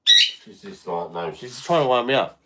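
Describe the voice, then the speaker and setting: A man's voice: medium pitch, lively intonation, normal speed. A man hosting a casual live stream, bantering and swearing at his noisy pet bird while reading chat comments. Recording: loud parrot squawks behind.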